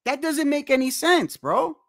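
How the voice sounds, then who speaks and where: A man hosting a boxing livestream and ranting in a heated, animated way, repeating himself, swearing often and trash-talking the chat. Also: very high voice, a little slow, vocal fry, no room sound, clean studio sound. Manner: animated, repetitive, trash-talking with frequent profanity.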